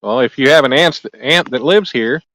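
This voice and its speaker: A man's voice: medium pitch, moderate pace, fairly bright tone, no echo, rough recording. Chatty man hosting a live stream. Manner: chatty, reads and answers viewer comments aloud; joking, easygoing. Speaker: livestream host. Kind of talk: casual live-stream chat. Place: outdoors at a lake at night.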